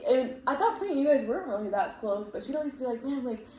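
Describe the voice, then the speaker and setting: A woman hosting a relaxed podcast conversation, a little higher-pitched than most. She speaks earnestly and reflectively, with plenty of "like" as filler. The room is echoey and there is a faint hiss of noise underneath. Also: fast talker. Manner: earnest, reflective, leans heavily on "like". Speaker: podcast host. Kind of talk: casual chat. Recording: roomy echo with faint background noise.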